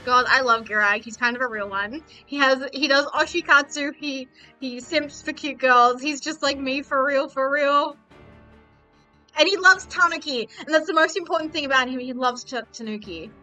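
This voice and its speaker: A woman's voice: high-pitched, moderate pace, pushed and bright, soft background music, rough recording. A woman streaming a card game, chatting casually, swearing freely and making fun of herself. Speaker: VTuber streamer.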